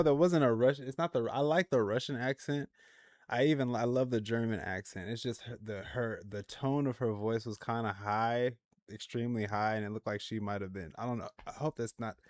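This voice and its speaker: A man's voice: mid-range voice, dry recording, clean studio sound. A man hosting a react livestream in a laid-back, slangy way, laughing often as he chats with viewers. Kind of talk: casual livestream commentary.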